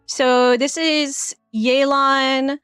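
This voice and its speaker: A woman's voice: sits high, flat delivery, extremely slow, fairly bright tone, no echo, studio quality, faint music behind. A woman casually commenting while playing a game on stream, chatty and laughing often, trailing off as she thinks.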